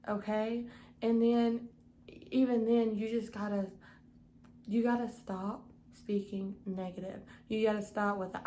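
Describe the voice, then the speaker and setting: A woman's voice: medium pitch, steady tone, slow pace, warm tone, a little hiss or hum, poor audio. A young woman giving a casual devotional Bible study, earnest and often checking in with "okay?". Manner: earnest, repeats "okay?" to the listener.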